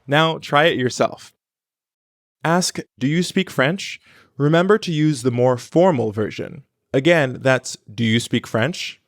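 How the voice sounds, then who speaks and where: A man co-hosting a scripted language lesson, modeling pronunciation slowly and clearly for learners. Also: mid-range voice, dry recording. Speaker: language teacher and co-host.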